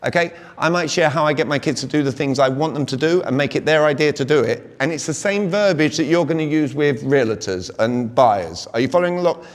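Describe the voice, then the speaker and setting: British man with a high voice, booming hall. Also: a little fast, hardly any pauses. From Britain. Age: 40s. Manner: energetic, keeps quizzing the audience. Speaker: conference speaker. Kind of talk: live motivational sales talk. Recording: long reverb of a big hall.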